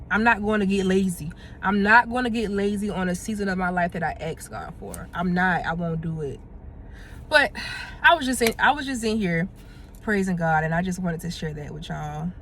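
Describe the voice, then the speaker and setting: A young woman talks to her phone camera while out on errands, chatty and heartfelt. Her voice sits at an everyday middle pitch. Faint road and car noise hums behind her. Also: fairly bright tone. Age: 20s. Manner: chatty and heartfelt, drifts into sung lines and praise. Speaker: vlogger. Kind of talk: casual vlog chat to camera. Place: out and about running errands, in a car and stores.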